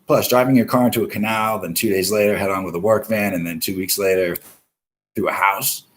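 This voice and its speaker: A man's voice: on the low side, steady tone, a little fast, a little hiss or hum. A man hosting a live stream, chatting casually about the news in a rambling, heavily profane way. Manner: profane, rambling, swears constantly.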